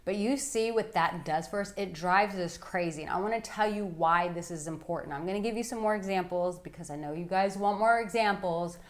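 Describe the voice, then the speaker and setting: A woman working as an intimacy coach, giving frank, playful instruction to men with animated asides. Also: on the low side, brisk, few pauses. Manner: blunt, playful and animated, with bursts of laughter and acted-out asides. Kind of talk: frank instructional talk to camera.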